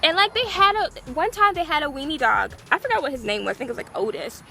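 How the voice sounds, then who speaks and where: Young woman, high bouncy voice, bright tone, chatty and rambling, casual vlog. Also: fast talker, vocal fry, slight background noise. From Gulf Coast of Texas. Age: young adult. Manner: chatty and rambling, heavy use of "like"; excitable, bursts into loud squeals. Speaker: vlogger.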